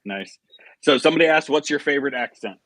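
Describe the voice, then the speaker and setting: A man's voice: mid-range voice, expressive, fast talker, fairly bright tone, no echo. A man hosting a casual live chat, asking questions with stammered restarts and short replies in between. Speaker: host.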